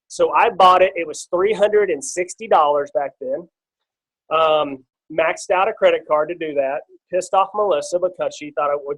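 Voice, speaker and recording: A man's voice: on the high side, low-quality recording. A middle-aged man telling a personal fitness testimony on a team call, casual and rambling, with lots of fillers and restarts. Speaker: guest speaker on a team call.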